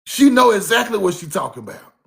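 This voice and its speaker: A man with a high-pitched voice tells stories in a loose, casual monologue. He swears freely and circles back over the same points to drive them home. His delivery is animated and conversational. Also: quick pace, gravelly. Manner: animated, profane, repeats himself for emphasis. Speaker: speaker recounting his grandmother's teachings.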